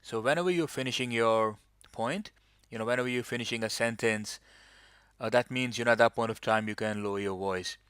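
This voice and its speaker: A man tutors students for a speaking test in a smooth, resonant voice. He explains step by step and keeps dropping in "you know" as he goes. The sound is dry and close, with no room around it. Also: mid-range voice, brisk, a bit bright, dry recording. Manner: explains patiently with many "you know" fillers. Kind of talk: online lesson.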